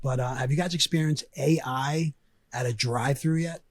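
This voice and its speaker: A man's voice: medium pitch, moderate pace, no room sound. A man co-hosting a casual podcast, telling stories with energy, swearing and acting out quotes. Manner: animated storyteller, swearing, acts out quotes. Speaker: podcast co-host. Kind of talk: casual chat, storytelling.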